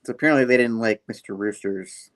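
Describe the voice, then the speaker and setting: A man's voice: on the low side, fast talker. A man hosting a casual comic review show, retelling scenes with a rambling, laughing manner. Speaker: host.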